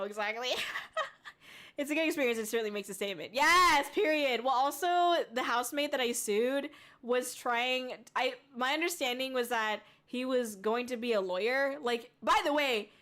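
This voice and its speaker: A woman's voice: a little high, moderate pace, fairly bright tone. A young adult woman VTuber streaming, chatting casually and reading chat aloud, giggling often and rambling with fillers.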